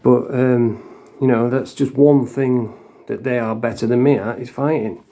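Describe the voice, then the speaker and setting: A man from around Doncaster speaks with a Yorkshire accent, his voice gravelly and dark. He tells stories to camera in a blunt, rambling way, swearing often and casually. It sounds like an informal vlog. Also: medium pitch, fairly even intonation, a little slow. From Doncaster area, England. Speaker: vlogger.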